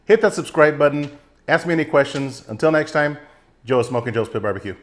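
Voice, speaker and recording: A man's voice: fairly high pitch, brisk. Chatty man hosting a barbecue video. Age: middle-aged. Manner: relaxed, chatty, talks while tasting food. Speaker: barbecue channel host. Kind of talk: casual cooking demonstration.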